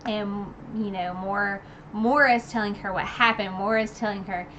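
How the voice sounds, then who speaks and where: A book reviewer streams a casual, rambling recap of a novel, full of asides and fillers like "like" and "you know." Her mid-range voice is steady at normal speed, over a noisy background.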